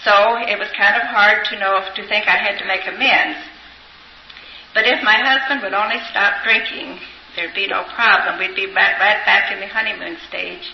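An older woman giving an earnest, reflective personal testimony, pausing and hesitating as she tells her story. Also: mid-range voice, slight background noise. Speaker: speaker sharing recovery story. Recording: roomy, dull older recording.

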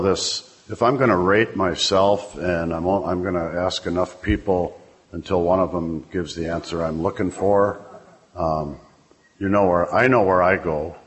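Very deep-voiced man sharing haltingly. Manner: halting, many fillers and restarts. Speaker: speaker at a recovery meeting. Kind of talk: personal sharing to a group.

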